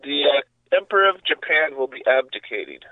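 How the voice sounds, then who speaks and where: A man co-hosting a podcast in casual chat, bringing up news items in a relaxed way with fillers. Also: on the high side, fairly quick, dry recording. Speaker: podcast co-host. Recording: tinny phone-like line.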